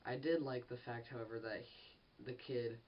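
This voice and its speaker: A teenage boy giving a rambling, excitable casual film review for his vlog. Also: mid-range voice, moderate pace. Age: teens. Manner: rambling and excitable, with restarts and giggles. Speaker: movie reviewer. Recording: distant, dull lo-fi audio with faint hiss.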